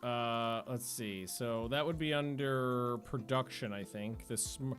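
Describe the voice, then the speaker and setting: A man's voice: mid-range voice, slow pace, a bit bright, faint music behind. Rambling, laughing man streaming a game. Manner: rambling and self-interrupting, laughs often. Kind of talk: casual gameplay livestream chat.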